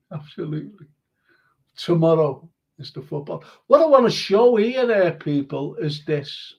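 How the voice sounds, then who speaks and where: Hosting his online history and chat show live, an older Liverpool-accented man from Liverpool, England, chats and rambles, reads viewers' comments aloud and laughs easily. He speaks unhurriedly in a fairly high, gravelly, husky, slightly mellow voice, and the sound is lo-fi.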